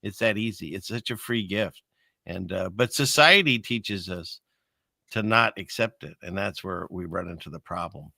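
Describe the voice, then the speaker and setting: A male host speaks earnestly on a casual online show, often stopping and restarting. His voice is bright and forceful. The recording is dry, with no room sound. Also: low-pitched, creaky, dry recording. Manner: earnest, halting, faith-focused talk.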